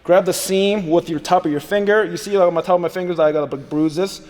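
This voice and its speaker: A man coaching throwing in casual talk, hyped up and swearing freely, with loud cheering bursts. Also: high voice, fairly even intonation, fairly quick. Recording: echoey, distant mic, background noise.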